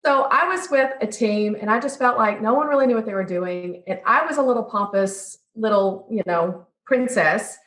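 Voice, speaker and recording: A woman in a podcast interview telling lively stories from her career as a pastry chef, slipping into the voices of the people she quotes. Her voice sits a little high. The recording has a roomy echo. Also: normal speed, few pauses. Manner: lively storyteller who acts out quoted people.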